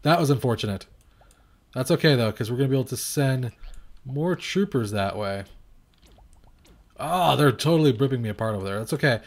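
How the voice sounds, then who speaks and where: Animated young man reviewing a game. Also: medium pitch, brisk, long pauses. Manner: rambling and self-mocking, with lively swings and outbursts at his units. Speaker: gaming video reviewer. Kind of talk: casual gameplay commentary.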